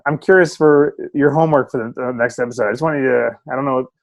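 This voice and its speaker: A man's voice: mid-range voice, fast talker, gravelly, dry recording. A man co-hosting a soccer podcast in casual chat, rambling with many restarts and frequent laughs. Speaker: podcast co-host. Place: home, remote call.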